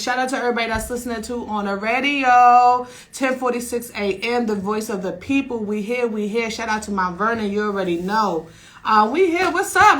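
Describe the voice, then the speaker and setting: A young woman hosting a casual radio talk show, loud and slangy with hype shout-outs. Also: fairly high pitch, low-quality recording.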